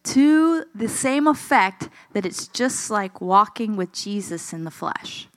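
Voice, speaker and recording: A woman preaches a sermon conversationally and expressively, questioning the congregation and acting out the voices she quotes, sounding a little tired. Her mid-range voice moves slowly, and there's no echo.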